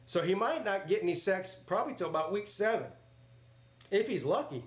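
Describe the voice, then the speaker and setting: A man's voice: high voice, expressive, fairly quick. A man hosting a live watch-party stream, joking crudely, commenting on the game and reading chat aloud.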